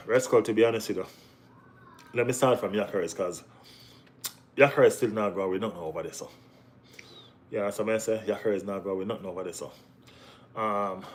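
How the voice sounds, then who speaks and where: Young guy hosting a football live chat, easygoing, keeps asking you know what i mean, voice jumps up when he gets hyped. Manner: repeats "you know what I mean", bursts into high excited exclamations. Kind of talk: casual live-stream chat.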